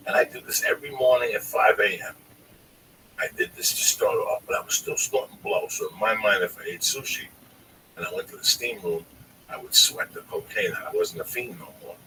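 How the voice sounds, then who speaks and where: A man telling a long, profane, animated story on a podcast, often calling his listener by name. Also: lowish voice, distant mic, a little hiss or hum, low-quality recording. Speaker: storyteller guest.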